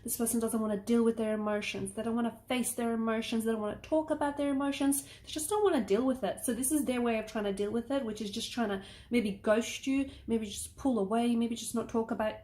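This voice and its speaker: A woman's voice: a little high, fairly even intonation, fast talker, hardly any pauses, dark tone. A woman giving a casual tarot reading, rambling and reassuring, checking in often with the listener. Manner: rambling, reassuring, frequent "okay?" check-ins. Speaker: tarot reader. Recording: echoey room with faint noise.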